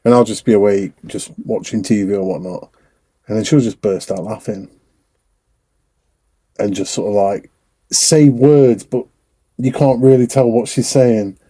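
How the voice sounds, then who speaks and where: A young man co-hosting a podcast, telling relaxed anecdotes and swearing casually. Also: mid-range voice, a little slow. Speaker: podcast co-host. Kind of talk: casual chat.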